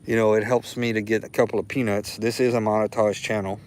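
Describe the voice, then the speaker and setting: A man's voice: on the low side, level tone, quick pace, a little mellow, a little hiss or hum, low-quality recording. A man from Louisiana with a Louisiana accent, hosting a casual livestream, rambling and heartfelt, repeating himself as he talks. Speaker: livestream host. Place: outdoors.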